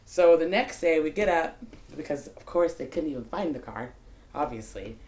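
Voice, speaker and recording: A woman with a fairly low voice recounts a story from her own life, talking casually, saying "like" often and cursing now and then. The room around her is echoey, and her delivery is unscripted and loose. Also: normal speed. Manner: casual, animated, peppered with "like" and profanity. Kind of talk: unscripted personal anecdote.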